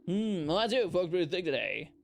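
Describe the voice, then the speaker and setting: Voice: medium pitch, very animated, fairly quick, vocal fry. A streamer chatting casually and jokingly while playing, reading the game's dialogue aloud in voices. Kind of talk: casual live gameplay chat. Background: faint game music.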